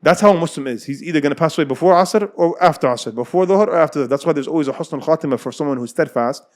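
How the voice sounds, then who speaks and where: American man, quick-talking storyteller who acts out dialogue and laughs a lot. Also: on the high side. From United States. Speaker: guest telling his life story. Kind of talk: casual storytelling.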